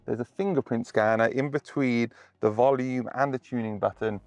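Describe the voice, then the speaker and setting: A man with a gravelly voice giving a chatty voice-over about a car feature, in a dull lo-fi recording. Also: medium pitch, fairly even intonation, normal speed, a little mellow, no echo. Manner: chatty, rhetorical questions. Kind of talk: voice-over narration.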